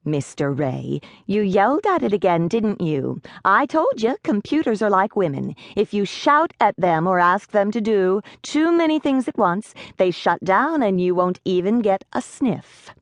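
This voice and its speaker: A woman's voice: mid-range voice, very animated, measured pace, hardly any pauses, no echo, voice pushed up. Woman playing a tart office secretary.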